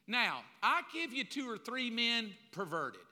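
A man's voice: extremely high pitch, sing-song, measured pace, few pauses, pushed and bright. A middle-aged man preaching a sermon, telling the story with humor and acting out the voices of a crowd. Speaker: pastor. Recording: long reverb of a large hall.

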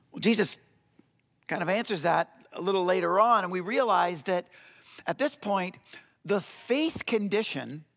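High-voiced pastor preaching in a reverberant hall. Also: male voice, a bit bright. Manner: conversational, with frequent fillers and restarts. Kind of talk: sermon.

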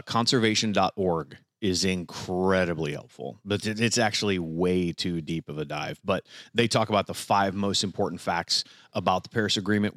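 Chatty jokey man, low voice. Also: fairly bright tone, dry recording, studio quality. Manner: chatty, laughs often, jokey asides. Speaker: podcast co-host. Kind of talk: casual chat.

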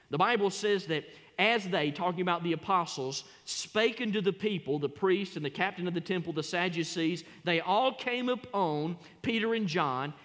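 A man preaching a sermon as pastor, emphatic, repeating his phrases and rising to loud peaks. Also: high voice. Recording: long reverb of a church hall.

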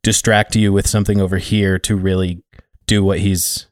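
A man's voice: sits low, level tone, moderate pace, no room sound, studio quality. A man from Montana co-hosting a casual podcast chat, laid-back and chuckling as he talks through his topic. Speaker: podcast co-host. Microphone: remote call mic.

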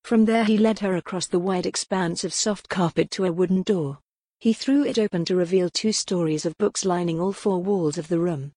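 A woman reading a novel aloud in a measured, even scripted narration. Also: fairly low pitch, no echo, studio quality. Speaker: audiobook narrator.

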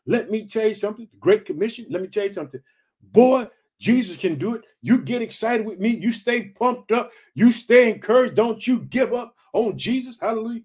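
High-pitched guy preaching hard, fired up, keeps calling everyone family. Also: expressive, brisk, a little mellow, husky. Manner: fired-up, repeats catchphrases, calls listeners family. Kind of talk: energetic sermon.

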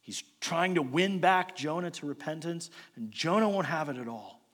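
A man preaching a sermon as a storyteller, posing rhetorical questions and moving between loud emphasis and quiet asides. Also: fairly high pitch, animated, normal speed. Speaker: pastor. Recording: long hall reverb.

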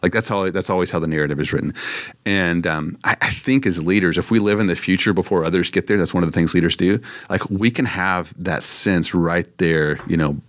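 A man's voice: low voice, fairly quick, no room sound, clean studio sound. A man, a church leader, talking casually about leadership with many fillers and restarts.

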